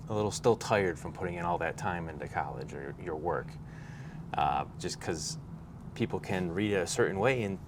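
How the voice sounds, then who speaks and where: A man co-hosting a podcast, talking in a relaxed, rambling way and laughing often. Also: low voice. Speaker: podcast co-host. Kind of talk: casual chat. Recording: noisy background hum.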